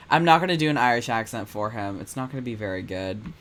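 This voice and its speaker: A man streaming a game, reacting with excitable, swearing casual commentary. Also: mid-range voice, fast talker. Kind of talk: casual game commentary while reading aloud.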